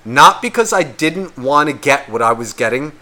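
A man's voice: mid-range voice, sing-song, normal speed, sharp tone. A man co-hosting a podcast, telling a rambling, exasperated story full of swearing and acting out the people in it. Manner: acts out the voices of people in his stories. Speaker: podcast co-host. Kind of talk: casual storytelling rant.

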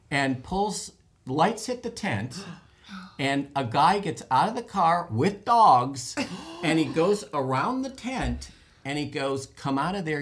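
A man's voice: fairly high pitch, a bit bright. A man telling a rambling, self-deprecating story in casual group chat.

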